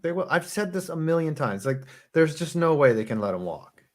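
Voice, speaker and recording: A man's voice: fairly high pitch, very animated, brisk. A man hosting a casual sports podcast, rambling with lots of fillers and restarts. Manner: rambling, hesitant, many fillers. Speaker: podcast host.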